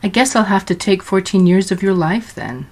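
A woman voicing Death as a suave, unflappable male suitor who speaks in a calm, dry, matter-of-fact way in a storybook reading. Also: mid-range voice, normal speed, natural voice.

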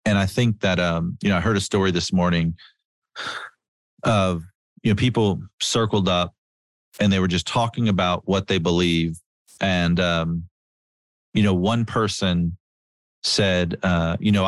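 Middle-aged guy preaching, earnest and chatty, repeats words to drive it home, kinda low voice, dry sound. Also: fairly even intonation, unhurried, no echo. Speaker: Christian speaker. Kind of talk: conversational preaching with storytelling.

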